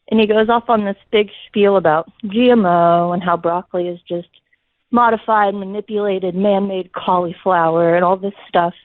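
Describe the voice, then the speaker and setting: A woman's voice: medium pitch, no echo. A woman calling into a talk show, telling a story in an amused, chatty way. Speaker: caller. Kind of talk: casual phone-in anecdote. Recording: tinny dry phone line.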